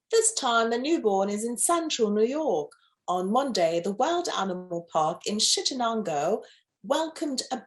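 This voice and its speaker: A woman hosting a playful pet news show, reading stories and breaking into campy, gushing asides. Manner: campy, gushing asides with sudden high squeals. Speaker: news host.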